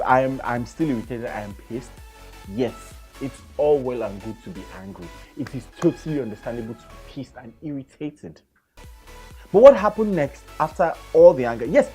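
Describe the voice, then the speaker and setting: A man with a Nigerian accent hosting a radio show, talking in an animated, casual way and repeating words for emphasis. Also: mid-range voice, slightly rough. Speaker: radio host.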